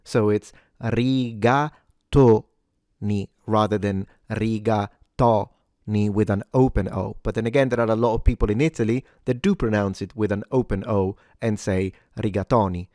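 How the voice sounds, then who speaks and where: Male lesson host with a lowish voice and a dry, close sound, who repeats each word with care before explaining it. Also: steady tone, dark tone, no echo. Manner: repeats words slowly and carefully, then explains. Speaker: pronunciation teacher, host. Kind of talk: scripted pronunciation lesson.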